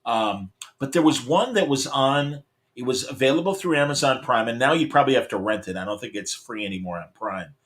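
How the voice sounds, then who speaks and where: Guy hosting a video call chat, excited, rambles and restarts a lot. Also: medium pitch, fairly quick. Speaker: podcast host. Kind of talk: casual chat.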